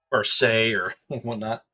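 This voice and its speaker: A man's voice: fairly low pitch, fairly even intonation, slow pace, bright, forceful tone. A man narrating as game master, stammering, laughing and swearing loosely.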